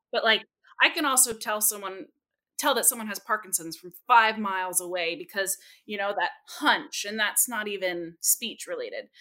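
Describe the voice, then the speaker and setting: Bright, animated woman telling stories. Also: medium pitch. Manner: animated, expressive, jumps into quoted voices. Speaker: speech-language pathologist guest. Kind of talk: lively storytelling in a podcast interview.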